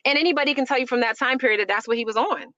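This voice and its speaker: A woman's voice: high voice, very fast, bright, forceful tone, no echo, highs cut off. A woman from Chicago hosting an opinionated commentary show, emphatic and rambling with lots of fillers. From Chicago, USA. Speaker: host.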